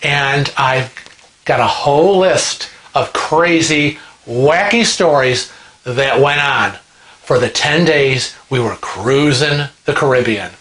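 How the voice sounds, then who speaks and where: Animated man, storytelling, bright forceful voice, roomy echo. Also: medium pitch, slow. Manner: animated, chatty, dramatizing. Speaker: vlog host. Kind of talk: casual storytelling.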